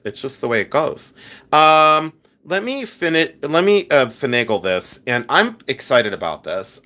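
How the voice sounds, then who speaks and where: Chatty guy on a live stream showing off jewelry finds, lots of ums, clears his throat a lot. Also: medium pitch. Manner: chatty, animated, many fillers and asides to chat. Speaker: livestream host selling flea market finds.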